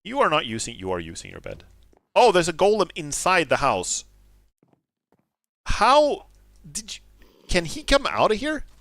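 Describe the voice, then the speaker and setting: A man's voice: high-pitched, a little slow, pauses often, no echo. Guy playing a block game, giggles a lot, voice jumps all over, says sorry a bunch. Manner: giggly, apologetic, animated outbursts. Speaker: gaming streamer. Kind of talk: casual gameplay commentary.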